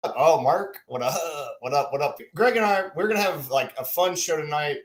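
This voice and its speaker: A man's voice: on the high side, expressive, moderate pace. Laid-back man hosting a stream. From Texas. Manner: laid-back, slangy, greets viewers by name. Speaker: podcast co-host. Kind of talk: casual livestream chat. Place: home room.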